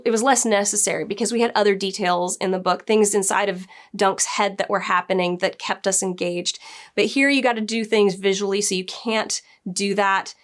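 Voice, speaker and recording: A book editor with a mid-range voice chats casually through her review of a TV episode, acting out the characters' lines as she goes.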